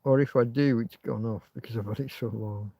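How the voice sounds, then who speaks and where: A man's voice: medium pitch, steady tone, brisk, vocal fry, mellow, husky, dry recording. A man hosting a casual livestream from inside a tent, rambling and swearing freely. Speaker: livestream host.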